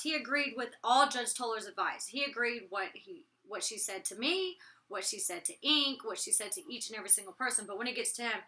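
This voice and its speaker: Woman, casual vlog chatter, animated, giggly, slightly high, very bright. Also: a little fast. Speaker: vlogger. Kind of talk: casual reality TV recap vlog.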